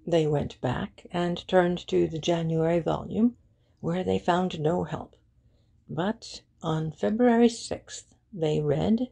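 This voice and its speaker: A woman narrates a classic detective novel in a measured, even read. Her voice is low, dark and strongly gravelly, with a husky edge, and she takes her time. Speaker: audiobook narrator. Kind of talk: scripted narration.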